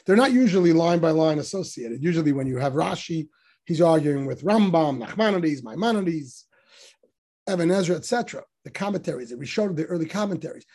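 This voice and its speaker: A Torah teacher leads a text study class on religious commentary, explaining through emphatic rhetorical questions and lifting his voice on quotations. His voice is a little high with a dark tone, and he speaks animatedly and a little fast.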